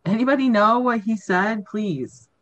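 A woman's voice: mid-range voice, unhurried, a bit bright, lo-fi sound. A woman chatting casually on a stream, playful and easygoing.

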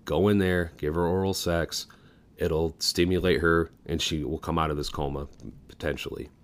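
A man's voice: low voice, level tone, moderate pace, lightly acted. A man voicing a male doctor in a joke, matter-of-fact and reassuring.

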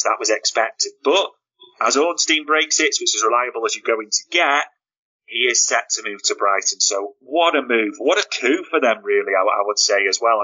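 Male podcast co-host, mid pitch, very bright forceful tone, animated chat. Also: poor audio. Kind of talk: casual football podcast chat.

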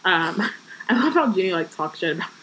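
A woman's voice: lowish voice, sing-song, brisk, fairly bright tone, slight background noise, poor audio. A woman co-hosting a casual book-club podcast, reading passages aloud and breaking off into joking asides with plenty of fillers.

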